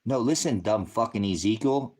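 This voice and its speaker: Man, livestream host, ranting at chat, cursing, lecturing, fairly low voice. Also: expressive, normal speed, a little mellow. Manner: angry, profane, combative; heckling and lecturing. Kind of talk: livestream rant at chat commenters.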